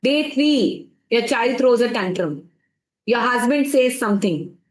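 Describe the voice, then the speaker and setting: A woman's voice: fairly high pitch, expressive, unhurried, echoey room, rough recording. A woman with an Indian English accent, coaching a live stream audience and often asking the chat to reply, slipping Hindi phrases into her English. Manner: asks the chat for replies over and over. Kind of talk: motivational live stream talk.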